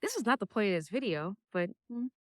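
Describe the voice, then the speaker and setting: A woman's voice: mid-range voice, sing-song, fast talker, no room sound, studio quality. A young woman talking casually to a camera on a stand, chatty, laughing often and restarting her sentences. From United States. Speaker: vlogger.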